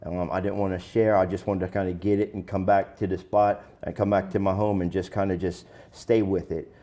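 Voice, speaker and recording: A man's voice: deep voice, flat delivery, fairly quick, mellow. A man speaking as an interview guest, candid and plain-spoken, telling his own story in a casual, conversational way with some slang.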